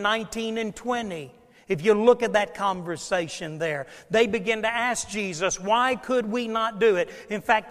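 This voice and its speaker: A man with a high voice preaches to a congregation, his words trailing off into a long hall reverb. He swings from loud, emphatic declarations to hushed, quiet asides as he works through scripture. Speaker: pastor. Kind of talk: sermon.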